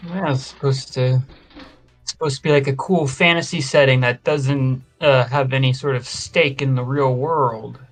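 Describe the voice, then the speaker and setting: A man's voice: mid-range voice, steady tone, moderate pace, faint music behind. A man co-hosting a casual podcast, hesitant and searching for words, full of fillers. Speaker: podcast co-host, artist. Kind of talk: casual chat.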